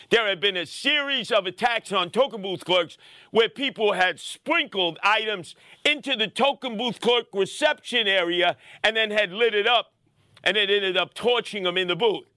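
A middle-aged man tells a story as a podcast host, bursting into shouts at the big moments. His voice sits very high and sounds sharp and forceful. The recording is dry and close. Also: normal speed, no room sound. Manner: excitable, shouting bursts, punchy street-tough delivery. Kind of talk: animated storytelling commentary.

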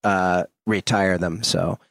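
A man's voice: sits low, fairly even intonation, slow, creaky, a bit bright, no echo, clean studio sound. A man co-hosting a podcast, easygoing and encouraging in casual banter. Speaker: podcast co-host, comedian.

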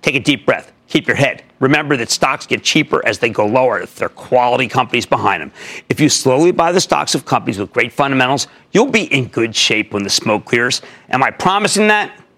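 A man hosting a TV stock market show, giving emphatic commentary and taking calls, jumping from loud high bursts to low asides. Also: lively intonation, fairly quick. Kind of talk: energetic market commentary and call-in.

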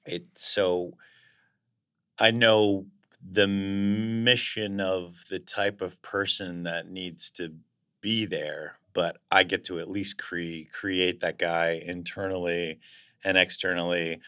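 Man, very deep voice, guest actor, casual interview, reflective, thinking aloud. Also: little pitch movement, takes it slowly, bright, forceful tone, clear, resonant tone. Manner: reflective, searching for words as he goes.

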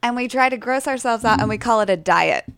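A woman's voice: on the high side, fairly quick, vocal fry, a bit bright, no echo. A woman guest in a radio studio, chatting in an amused, casual way.

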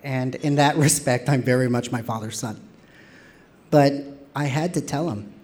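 A man telling a personal story on stage, expressive and playful with self-mocking humor. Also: mid-range voice, moderate pace.

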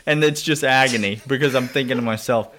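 A man's voice: mid-range voice, fast, a bit bright. A man co-hosting a sports podcast in casual chat, ribbing the others with mock outrage and wrapping up segments. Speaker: podcast co-host.

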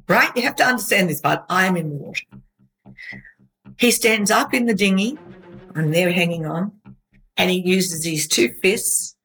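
A woman recounting her own ordeal in animated, emotional testimony, often checking in with "right?". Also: medium pitch, poor audio. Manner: animated storytelling, asks listener "right?". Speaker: interviewee telling her own story. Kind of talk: emotional true-crime testimony.

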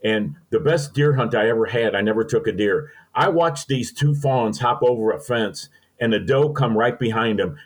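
Older male podcast guest, folksy and sentimental storyteller, mid-pitched. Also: lively intonation, moderate pace, few pauses, low-quality recording. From Missouri. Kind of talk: storytelling interview.

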